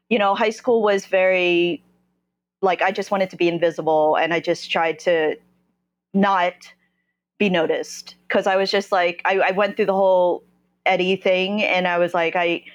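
Speaking at a fairly low pitch over dull audio, a New Jersey woman on a podcast opens up about her personal story. Her delivery is halting, with many stops and fresh starts as she reaches for words.

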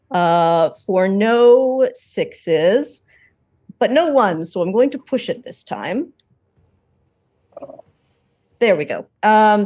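A woman's voice: on the low side, a little mellow. A woman playing a tabletop game, describing her character's actions hesitantly and searching for words. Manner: hesitant, searching for words, says "kind of" and "just". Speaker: player.

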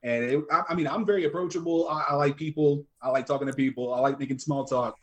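Chatty young man, slightly high voice. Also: steady tone, fast. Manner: chatty, joking, lots of fillers. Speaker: podcast guest. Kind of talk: casual chat.

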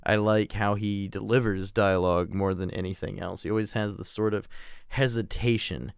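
A man's voice: fairly low pitch, steady tone, moderate pace, gravelly, clean tone, dry recording, studio quality. A man hosting a solo podcast, talking casually and rambling about films with frequent swearing and self-deprecating asides. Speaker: podcast host reviewing films.

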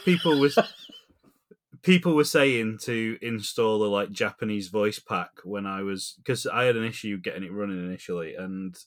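A man co-hosting a podcast, rambling and animated in casual chat, laughing often. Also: lowish voice, normal speed. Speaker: podcast co-host.

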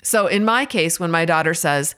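Earnest woman host, reflective faith talk, voice sits a bit low, candid and self-searching. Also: animated, moderate pace, fairly bright tone, clean tone. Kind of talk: reflective faith-themed monologue.

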